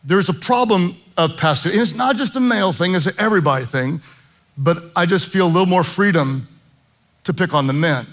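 A man's voice: high-pitched, brisk, fairly bright tone. A middle-aged man preaching a sermon as pastor, emphatic and impassioned, with jokey asides.

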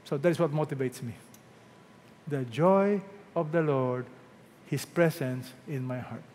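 A man preaching to his congregation in a high, ringing voice. He fires rhetorical questions at them, rising to loud emphatic peaks, then drops to a hush to draw out a quote. Long reverb from the hall trails behind every line. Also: slight background noise. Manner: swings between loud emphatic peaks and hushed drawn-out quotes. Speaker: pastor. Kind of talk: sermon.

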